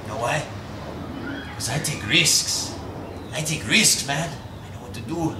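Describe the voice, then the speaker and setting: Acting lightly in a student film, a teen boy takes on the role of a swaggering Cuban schoolmate who smokes cigars, boasts like a mentor and drops Spanish words in a fake Spanish-tinged accent. He speaks a little slowly at medium pitch with lively intonation. It's recorded in an echoey room on a distant mic with faint hiss.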